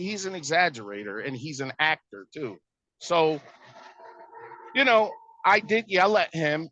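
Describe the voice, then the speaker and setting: Exasperated, a man recounts a family argument as a stepparent, voicing what each person said. He sounds a little high, bright and forceful, and the recording is dull, lo-fi and dry without any room sound.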